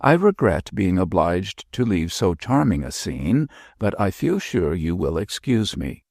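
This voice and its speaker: A man voicing a dignified, courteous older bishop who is masking distress, his voice low and gravelly. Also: big pitch swings, darkish tone, no room sound, clean studio sound, heavily acted. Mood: strained courtesy. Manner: suave, courteous, hurried. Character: dignified ageing bishop, suave but shaken.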